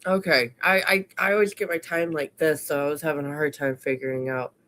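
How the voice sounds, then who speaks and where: A woman's voice: sits low, fairly even intonation, brisk, fairly bright tone. A woman co-hosting a live morning show, telling a story in casual chat, swearing freely and correcting herself as she rambles. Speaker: co-host.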